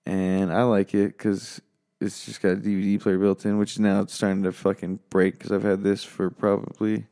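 A man with an American accent hosting a casual late-night solo podcast from his home office, talking low and quiet in a rough voice, laid-back and rambling, swearing often. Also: level tone, moderate pace. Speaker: podcast host.

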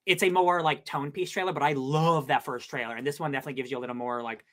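A podcast co-host chatting excitedly about upcoming films, bubbly and full of fillers. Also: medium pitch, fast talker. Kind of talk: casual movie chat.

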